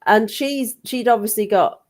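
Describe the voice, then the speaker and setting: A woman's voice: a little high, a little slow. Chatty middle-aged English woman telling a story. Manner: chatty, animated, frequent ums, acts out children's shouts. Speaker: guest telling a personal ghost story. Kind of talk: casual storytelling.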